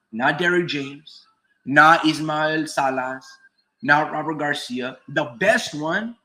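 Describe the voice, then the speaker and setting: A man's voice: a little high, bright, forceful tone, rough recording. A man giving a casual, emphatic boxing monologue, swearing freely and repeating his points. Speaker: boxing commentator streamer. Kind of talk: casual profane opinion monologue.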